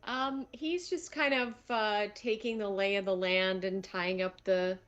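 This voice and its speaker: A woman's voice: mid-range voice, steady tone, unhurried, a bit bright, muffled recording. Hesitant woman player at a game table. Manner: hesitant, stammering restarts. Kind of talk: casual tabletop role-play.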